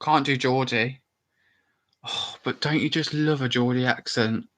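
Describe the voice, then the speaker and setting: Bright, chatty young man with a Birmingham lilt. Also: medium pitch, steady tone, measured pace, low-quality recording. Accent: light Birmingham. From England, Worcestershire area. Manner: chatty and opinionated, swears freely. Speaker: channel host. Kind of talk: casual chat to camera.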